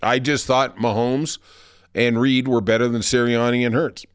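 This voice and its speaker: A man's voice: medium pitch, little pitch movement, normal speed, clear, resonant tone, dry recording. Man telling rambling betting stories, dry sound. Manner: rambling, self-deprecating, laughs at himself. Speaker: podcast host. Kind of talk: casual sports-betting storytelling.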